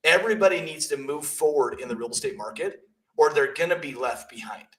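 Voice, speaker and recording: A man talks business on a podcast in a blunt, emphatic way. His voice sits slightly high for a man. He coaches agents with punchy stories. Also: expressive, fairly quick, fairly bright tone, rough recording. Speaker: realtor and coach. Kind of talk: casual business podcast chat.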